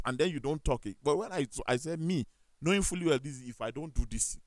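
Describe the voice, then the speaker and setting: A man with a Nigerian accent, speaking as a talk show panelist. He tells animated stories, acts out the dialogue, and corrects himself as he goes. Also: on the high side, quick pace, no room sound. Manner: animated storytelling with quoted dialogue and self-corrections. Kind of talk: casual studio discussion.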